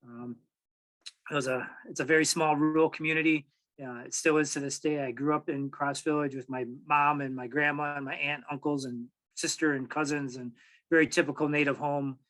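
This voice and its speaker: A man in his forties from Michigan shares a personal story with a community audience. His voice sits slightly higher than most men's. He talks in a loose, conversational way, often stopping to find the next word. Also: rough recording. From Michigan, USA. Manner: relaxed, halting, many fillers and restarts. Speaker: tribal archives director, speaker.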